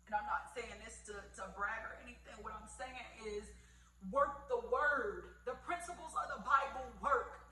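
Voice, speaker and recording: A young woman vlogging an emotional testimony, animated and emphatic, repeating phrases for effect. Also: medium pitch. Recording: echoey room with faint hum.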